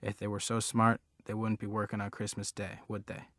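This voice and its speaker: A man's voice: lowish voice, completely flat delivery, brisk, fairly bright tone, dry recording, clean studio sound. A man reading the part of a menacing ex-convict preacher father in an audiobook, with a sly, commanding drawl. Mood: suspicious.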